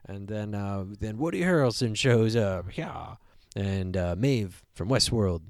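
Animated man retelling a movie. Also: on the low side, a little slow, dry recording, clean studio sound. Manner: animated, acts out characters' lines, swears casually. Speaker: podcast co-host. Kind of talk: casual movie review chat.

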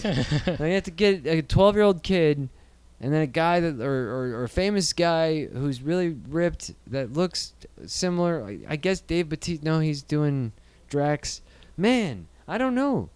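A man's voice: on the high side, animated, a little slow, a little mellow, smooth, dry recording. A man co-hosting a casual movie news show, rambling and sarcastic, swearing often. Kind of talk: casual profane banter.

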